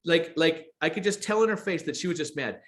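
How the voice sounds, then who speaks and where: A man's voice: fairly high pitch, expressive, a little fast, fairly bright tone. A man co-hosting a podcast, telling a personal story in a chatty way and often repeating his words. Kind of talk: casual podcast chat.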